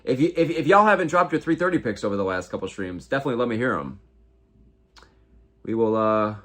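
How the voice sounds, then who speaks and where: A man's voice: lowish voice, lively intonation, fairly quick, a bit bright. An American man in his twenties hosting a casual livestream, reading viewer comments and reacting with slangy, heavy swearing. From United States. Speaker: livestream host.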